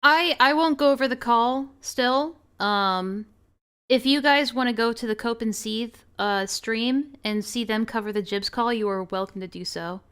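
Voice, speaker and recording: High-voiced woman streamer, laughing and swearing. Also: measured pace, fairly bright tone, clean tone. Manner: laughs often, swears freely. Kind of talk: casual reaction commentary.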